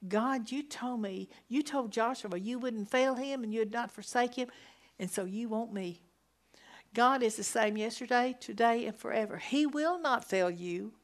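A woman teaching from the Bible in a sermon style, reading verses slowly and emphatically. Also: a little high. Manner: slow, emphatic scripture reading with rising exclamations.

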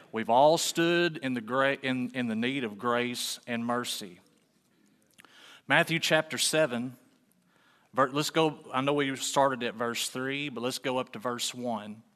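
A man's voice: mid-range voice, pushed and bright. Folksy preaching man in a reverberant hall. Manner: folksy, conversational preaching with rhetorical questions. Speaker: pastor. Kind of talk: sermon.

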